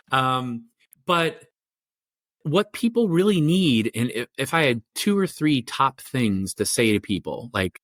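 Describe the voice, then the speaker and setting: A man's voice: mid-range voice, animated, slow pace, a bit bright, no room sound, clean studio sound. A middle-aged man, a family therapist, explaining his ideas in a podcast interview with thoughtful, rambling speech full of fillers and restarts. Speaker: family therapist and parenting coach.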